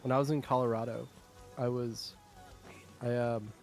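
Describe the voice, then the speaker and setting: A man's voice: medium pitch, level tone, normal speed, vocal fry, faint music behind. A man from the American South chatting casually with friends, easygoing and explanatory. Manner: easygoing, explains things, hesitant restarts. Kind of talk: casual chat.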